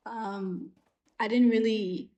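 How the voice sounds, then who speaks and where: A woman's voice: on the high side, fairly even intonation, slow pace, dark tone. A young woman at university telling a story unscripted, rambling with many fillers and restarts, still coughing from a recent illness. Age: young adult. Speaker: university student.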